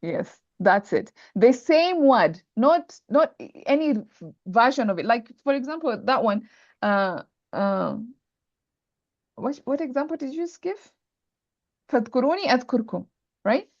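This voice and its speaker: A woman's voice: fairly high pitch, very animated, measured pace, no echo. A woman teaching Arabic grammar in an online class, patiently repeating terms and checking that students follow. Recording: dull lo-fi online call audio.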